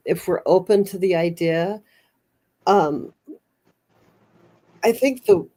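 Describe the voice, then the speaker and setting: A woman's voice: lowish voice, mellow. A woman hosting a podcast in casual chat, a rambling storyteller who often restarts her sentences. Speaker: podcast host.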